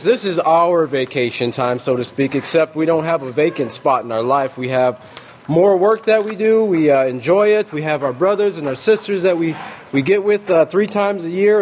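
Brief: male preacher, pitched a little high, halting with "uh" restarts. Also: a little hiss or hum. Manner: warm greeting, many "uh" restarts. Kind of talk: sermon.

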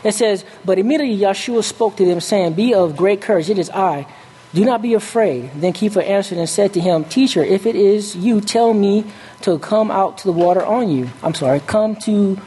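A preacher giving a sermon who reads scripture aloud, stops often to check with the congregation, and corrects his own slips out loud. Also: mid-range voice, moderate pace, slightly rough.

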